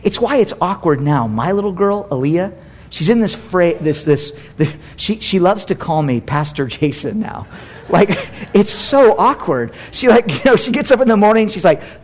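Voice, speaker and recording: A middle-aged American man preaching a sermon as pastor, conversational and animated, with playful asides. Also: high-pitched, moderate pace.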